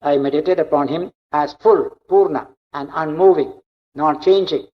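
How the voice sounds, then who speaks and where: A man voicing a humble ancient king, speaking slowly and with emphasis. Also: on the high side, close to an everyday voice. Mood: firm. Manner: slow, measured, emphatic. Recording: dull lo-fi recording.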